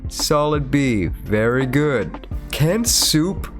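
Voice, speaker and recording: A man's voice: mid-range voice, lively intonation, extremely slow, faint music behind. A man with a cold and a slightly nasal voice, chatting casually as a VTuber host while ranking foods. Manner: chatty and rambling, with chuckles. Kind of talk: casual chat, rating foods on a tier list. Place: his room.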